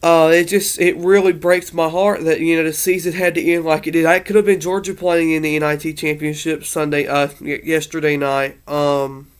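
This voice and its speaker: A man's voice: fairly high pitch, flat delivery, normal speed, hardly any pauses, clean tone. A man talking through a casual, rambling monologue about his team's season, earnest and a little emotional, full of fillers and restarts. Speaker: sports fan vlogger.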